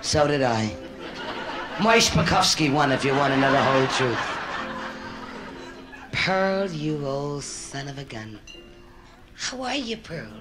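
A woman from Connecticut doing a brassy, wisecracking stand-up routine and teasing her live audience. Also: low voice. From Connecticut, USA. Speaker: comedian. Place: stage show before a live audience. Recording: roomy live show recording with band music.

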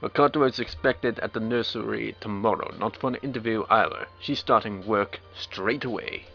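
Reading game text aloud as a let's play commentator, this man uses a fairly low, vocal-fried voice that sounds pushed and bright, moving at a moderate pace. Between lines of the visual novel he slips in sarcastic, wry asides, over faint game music in a dull lo-fi recording.

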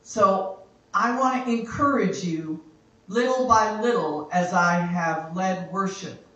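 A woman leads worship in a church, speaking very slowly and with weight, stacking repeated phrases one on another. Her tone is bright and forceful. She is picked up from across a very echoey church hall. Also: mid-range voice, far from the mic. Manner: slow, emphatic, repeating phrases for effect. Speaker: worship leader. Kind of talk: spoken exhortation during worship. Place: church sanctuary.

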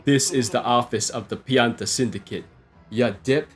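A man voicing a tough male gangster henchman in a game, with loud, mocking tough-guy talk. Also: medium pitch, normal speed, faint music behind, close to an everyday voice.

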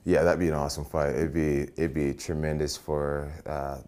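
Man, extremely deep voice, casual interview, upbeat, repeats his words. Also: moderate pace. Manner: enthusiastic, restarts often, relaxed. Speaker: professional fighter.

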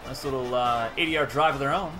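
A man streaming and commentating a football video game live, chatting with viewers and shouting on big plays. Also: medium pitch, fast, music in the background. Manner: excitable, laughs often, breaks into shouting on big plays; chats with viewers. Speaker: gaming streamer.

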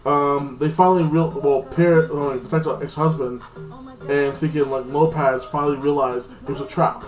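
A man's voice: fairly high pitch, steady tone, moderate pace, faint music behind. Rambling man recapping a show, echoey room. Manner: rambling, profane, lots of fillers. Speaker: TV show reviewer. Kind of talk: casual episode recap.

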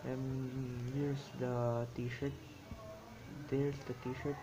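A man narrates his drawing as he goes, rambling and amused with himself. He speaks slowly, at an unhurried pace, in a voice of ordinary pitch, and his English phrasing is often broken. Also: little pitch movement, poor audio. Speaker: drawing vlogger. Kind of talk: rambling commentary while drawing.

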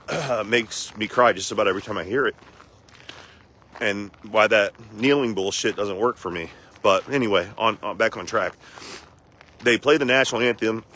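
A man tells a personal story with raw emotion and blunt language, talking straight to camera for a casual video diary. His voice sits on the low side, and the recording was made outdoors in the cold. Faint background noise runs under his speech. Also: sharp tone. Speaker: vlogger.

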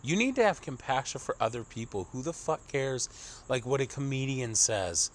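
A man's voice: medium pitch, animated, moderate pace, a little hiss or hum. A young man giving a profane, exasperated political rant as a commentary vlogger, mocking and blunt.

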